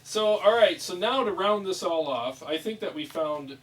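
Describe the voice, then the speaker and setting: A man hosting a casual chat about guitar amp settings in a small studio room, upbeat and quick to laugh. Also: high-pitched, lively intonation, fairly bright tone, far from the mic, a little hiss or hum, low-quality recording. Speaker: host.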